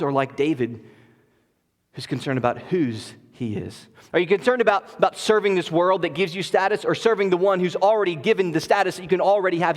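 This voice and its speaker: A man preaching from the pulpit with a notably high voice, swinging between loud, emphatic declarations and hushed, intimate passages. His sermon rings through a church sanctuary with a long, lingering reverb. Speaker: pastor.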